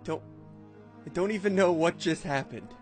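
A man hosting a gaming video, reacting to funny clips in casual, excitable commentary, laughing and repeating himself. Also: high-pitched, moderate pace, over loud music.

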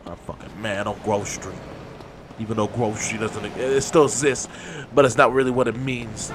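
A man doing casual let's play commentary, loud, profane and joking. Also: on the low side, steady tone, normal speed, noisy background. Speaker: gameplay commentator.

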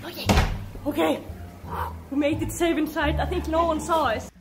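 A young woman with an Icelandic accent, vlogging indoors and chatting excitedly, giggling and baby-talking to her pets. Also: high-pitched, normal speed, very noisy. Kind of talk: casual vlog narration. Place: indoors at her mother's house.

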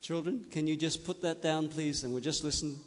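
A man tells a story to a group of children, gentle and coaxing, checking in with them as he goes. His voice sits a little high. It carries a long echo through a large hall. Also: steady tone, moderate pace.

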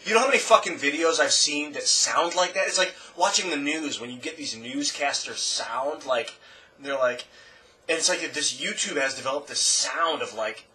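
A man's voice: on the high side, normal speed, bright, forceful tone, far from the mic, poor audio. A drunk man ranting profanely in a casual late-night video chat, mocking other video makers. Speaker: video blogger.

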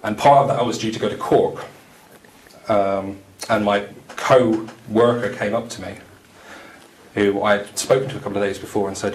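A man's voice: on the low side, steady tone, normal speed, long pauses. A man giving a conference talk, telling anecdotes in a conversational way with many fillers. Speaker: conference speaker. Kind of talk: storytelling talk. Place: conference hall. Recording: roomy hall, faint noise.

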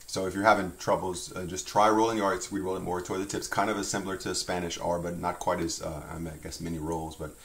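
A man teaching a French language lesson, relaxed and chatty, with frequent fillers and restarts. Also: sits low, fast talker, vocal fry, few pauses.

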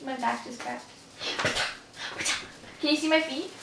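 A woman's voice: sits high, fairly even intonation, unhurried, creaky, distant mic, very noisy. A young woman chatting casually with a friend, giggling and often trailing off mid-sentence. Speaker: co-host friend. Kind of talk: casual chat. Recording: echoey room, off-mic.

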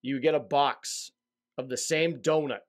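A man's voice: medium pitch, fairly even intonation, a little slow. A man hosting a casual interview, joking and playful with his guest. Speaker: host.

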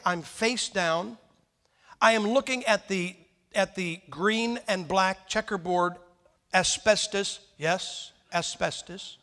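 A man's voice: high-pitched, fairly bright tone. A man preaching a sermon, telling stories in a folksy way and putting questions to the congregation. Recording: long hall reverb.

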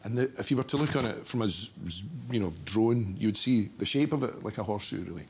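A man's voice: on the low side, quick pace, breathy edge. A Scottish man, a guest impressionist, telling anecdotes in casual chat. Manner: animated storyteller, jumps into voices.

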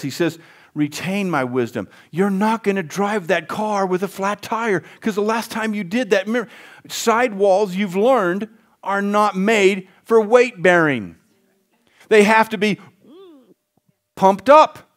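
High-voiced folksy pastor preaching. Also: male voice, measured pace. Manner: folksy, asks the congregation for responses. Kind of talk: sermon.

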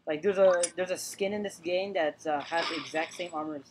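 A woman's voice: lowish voice, brisk, a little hiss or hum. A woman hosting a let's play video, talking chattily over her gameplay, repeating words and joking with the characters on screen. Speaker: gaming channel host.

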